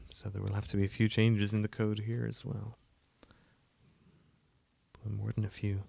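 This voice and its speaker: A man with a low, gravelly voice, croaky from a coming cold, talks casually through his game code on a livestream. He rambles with fillers and self-deprecating asides. The sound is dry and close, with no room around it. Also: flat delivery, unhurried, dark tone, dry recording. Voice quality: gravelly, lower than usual. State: croaky, getting a cold, yawning. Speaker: indie game developer streaming his work. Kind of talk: casual livestream commentary while coding.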